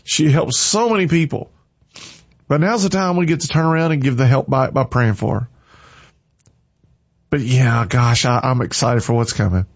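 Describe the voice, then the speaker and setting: A man's voice: mid-range voice, moderate pace, long pauses, no echo. A man giving an emotional, preachy faith talk on a livestream, with a slightly dull lo-fi sound.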